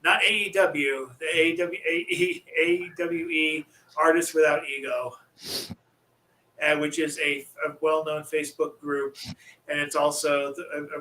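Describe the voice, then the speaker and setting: A man's voice: a little high, sharp tone, slight background noise, rough recording. A man co-hosting a casual podcast, joking around and sounding mock-exasperated. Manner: jokey, exasperated, trades mock impressions. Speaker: podcast co-host.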